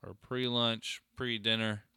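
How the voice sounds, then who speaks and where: A man's voice: fairly low pitch, little pitch movement, slow, bright, forceful tone, smooth, no echo, clean studio sound. A man co-hosting a podcast in casual banter, joking and laughing often, sometimes slipping into silly voices. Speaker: podcast co-host.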